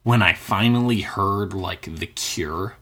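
A man's voice: lowish voice, slow pace, sharp tone. A man in his thirties chatting casually, rambling and searching for words with lots of filler. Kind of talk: casual chat.

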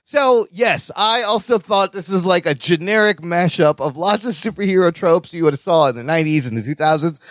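A man trades opinions on a film in a wry, teasing way, swearing casually. His voice is on the high side, and the recording is dry and close. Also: animated, brisk, few pauses, fairly bright tone, no echo. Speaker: podcast co-host. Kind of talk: casual movie review chat.

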